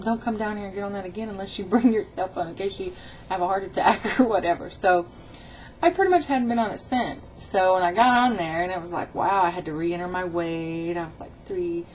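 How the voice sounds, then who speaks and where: A woman's voice: fairly low pitch, darkish tone, dull audio, slight background noise. A middle-aged woman recording a casual video diary about her weight loss, rambling and chatty as she tells a story with quoted dialogue.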